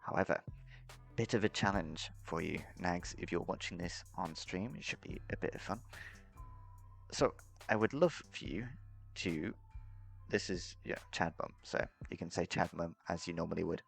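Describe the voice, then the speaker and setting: Deep gravelly young guy rambling thru a casual lesson, keeps correcting himself. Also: moderate pace, fairly bright tone, faint music behind. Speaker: self-taught language hobbyist teaching a lesson.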